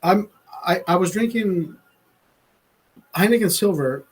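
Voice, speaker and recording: A man's voice: high voice, animated, a little slow, breathy edge, low-quality recording. A man hosting a casual livestream, rambling in a profane, stammering way with many restarts. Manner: laughs at own jokes. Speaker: livestream host.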